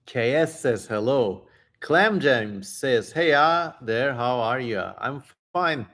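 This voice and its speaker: A man hosting a live stream, chatting casually and reading viewer comments aloud in a relaxed, easygoing way. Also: medium pitch, takes it slowly.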